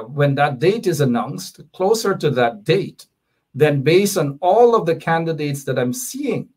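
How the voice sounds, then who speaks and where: A man appearing as an activist guest on a talk show, explaining his position in a measured, deliberate way and repeating points for emphasis. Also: on the high side.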